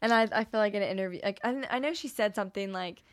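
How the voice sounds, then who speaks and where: A woman's voice: medium pitch, fast talker, dry recording, clean studio sound. A young woman co-hosting a podcast in casual chat, eager and full of "like" fillers. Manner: enthusiastic, lots of "like" fillers. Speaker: podcast co-host.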